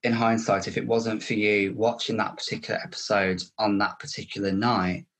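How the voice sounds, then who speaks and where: A man hosting an interview, speaking in a gentle, empathetic and affirming way. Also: fairly low pitch, little pitch movement, normal speed. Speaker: interview host. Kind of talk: supportive interview conversation.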